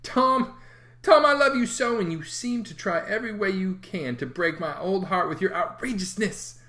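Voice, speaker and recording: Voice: mid-range voice, normal speed, pushed and bright, voice pushed up. A reader doing a fussing, scolding old aunt. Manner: scolding, exclamatory. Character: fussing older aunt, scolding yet tender. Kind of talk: audiobook character voice.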